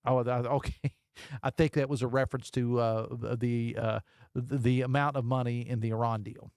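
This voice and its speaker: A man's voice: mid-range voice, fairly even intonation, moderate pace, a little mellow, smooth, no echo. A man hosting a casual call-in radio show from a studio, joking and reading listener texts aloud. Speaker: radio talk show host. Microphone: studio microphone.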